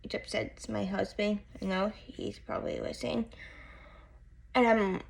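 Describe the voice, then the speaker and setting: A woman vlogger talking to camera in casual chat, tearful and halting, often repeating herself. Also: medium pitch, fairly even intonation, vocal fry.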